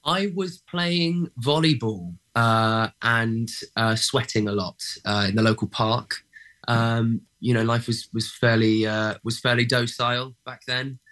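A young man talks through his thoughts in a relaxed interview. He hesitates often, looping back with ums and restarts before landing his point. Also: medium pitch, measured pace. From England. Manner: hesitant, many fillers and restarts. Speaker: actor guest. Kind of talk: casual interview chat.

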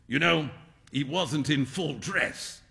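A man voicing a jovial upper-class male painter who teases his friend with booming laughter. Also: slow, vocal fry, sharp tone, long reverb tail, a little hiss or hum, heavily acted. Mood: amused teasing. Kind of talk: dramatic story reading.

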